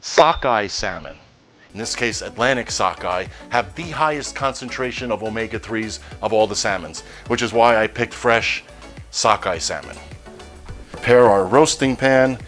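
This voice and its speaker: A man hosting a home cooking demonstration, talking through each step in a relaxed, jokey way with the odd pun. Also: lowish voice. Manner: relaxed, jokey, cracks puns. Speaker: cooking show host.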